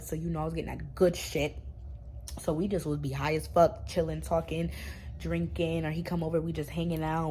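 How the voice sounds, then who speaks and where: A woman's voice: low-pitched, gravelly, mellow, a little hiss or hum. A young woman in a casual storytime vlog, talking bluntly in slang and swearing freely. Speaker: YouTube storyteller.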